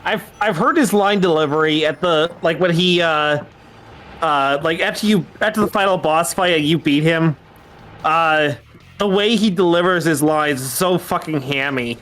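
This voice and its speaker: Man, streamer host, casual chat, hesitant, fillers and restarts, fairly high voice. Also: normal speed, a bit bright.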